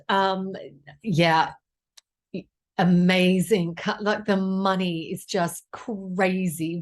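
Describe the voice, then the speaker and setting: A middle-aged woman from Australia talks through an oracle card reading in a loose, chatty monologue. She is blunt and swears freely, and her voice sits at an ordinary middle pitch. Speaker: astrologer and psychic reader.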